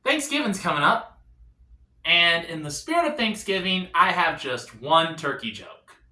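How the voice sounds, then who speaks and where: Male stand-up, self-deprecating, fairly light low-ish pitch, bright tone, lively delivery. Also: measured pace, roomy sound. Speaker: stand-up comedian. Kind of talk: stand-up comedy set.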